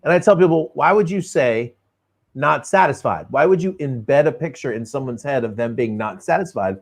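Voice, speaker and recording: A man's voice: mid-range voice, expressive, normal speed. A man hosting an interview, talking directly to viewers with emphatic points. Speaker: host. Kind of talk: interview conversation.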